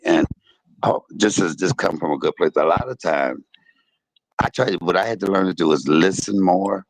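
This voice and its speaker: A man's voice: low-pitched, gravelly, dry recording. A middle-aged man hosting a live stream, speaking in an earnest and repetitive way, often cutting in to ask someone to hold up. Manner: earnest, repeats himself, cuts in with "hold up". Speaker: livestream host. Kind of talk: casual live-stream chat. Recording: noisy online stream audio.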